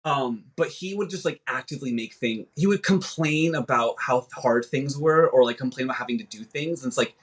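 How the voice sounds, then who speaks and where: A man's voice: mid-range voice, a little fast, few pauses. A young man who is a podcast guest, speaking candidly with swearing and frequent restarts in casual chat. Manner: candid, profane, rambling with restarts.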